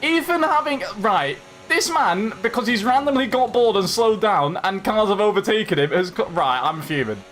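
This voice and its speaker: A young man with a high voice talks at a moderate pace, hardly pausing, as he streams a sim race. His animated commentary flows between his own driving, the other racers and his viewers' chat.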